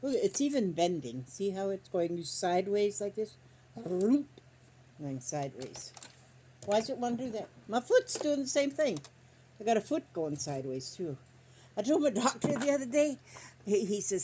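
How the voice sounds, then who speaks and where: An older woman chats casually while sewing quilt squares for her vlog, recorded on a phone on a stand, rambling through folksy stories in a chatty country manner. Her voice is medium-pitched and mellow with big pitch swings and a moderate pace, over slight background noise.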